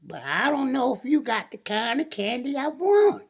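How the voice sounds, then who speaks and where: A woman's voice: sits high, big pitch swings, normal speed, slightly rough, pitched above the performer's own voice, heavily acted. A woman doing a sly, eager little boy. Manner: eager, persuasive.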